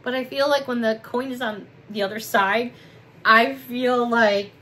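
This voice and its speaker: A woman's voice: on the high side, fairly even intonation, measured pace, pushed and bright, slight background noise, rough recording. A middle-aged woman chatting at her desk at home in a haul vlog, gushing and emotional as she shows off gifts. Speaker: vlogger. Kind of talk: casual haul vlog chat.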